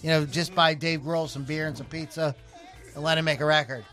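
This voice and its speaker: A man's voice: fairly high pitch, fairly even intonation, fairly quick, sharp tone, faint music behind. A man from Philadelphia co-hosting a rock podcast, chatting casually in a rambling way full of fillers and false starts. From Philadelphia, USA. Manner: rambling, filler-heavy and self-interrupting. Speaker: podcast co-host. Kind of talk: casual chat.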